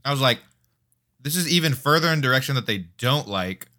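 A man's voice: mid-range voice, expressive, fairly quick, sharp tone. A young man co-hosting a podcast, talking loosely and rambling with lots of restarts. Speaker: podcast co-host. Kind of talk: casual chat.

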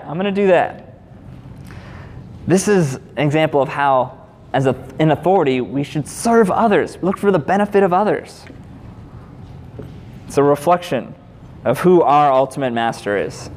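Animated young pastor in a reverberant church. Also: male voice, mid-range voice. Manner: conversational, animated preaching with casual asides. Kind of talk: sermon. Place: church sanctuary. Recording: long hall reverb, faint background noise.

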